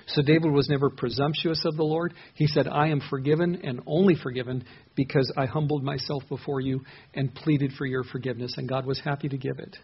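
Husky-voiced man preaching a sermon. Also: mid-range voice, fairly even intonation, a little fast, highs cut off. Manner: earnest, conversational preaching with frequent restarts. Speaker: pastor. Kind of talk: expository sermon on a psalm.

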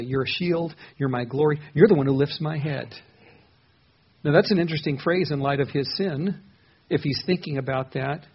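A pastor talks through scripture in an earnest, conversational way, often circling back to restart a thought. His voice is a man's, pitched a bit high and somewhat husky. The recording has a slightly dull, lo-fi sound. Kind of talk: expository sermon on a psalm.

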